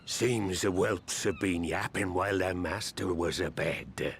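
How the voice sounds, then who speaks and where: Gravelly old pirate captain. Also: male voice, low voice, slow, a little hiss or hum, heavily acted. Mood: scolding. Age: older. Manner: gruff pirate speech, commanding speeches. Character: weathered old male pirate captain, stern and rousing. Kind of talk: game cutscene voice acting. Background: game music.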